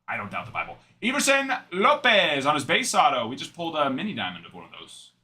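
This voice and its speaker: A young man hosts a live card break, reading out each card and drifting into chatty asides. His voice sits a little high and swings widely in pitch. The tone is bright and forward. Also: wildly swooping pitch, fast. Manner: chatty, rambling asides while reading out cards.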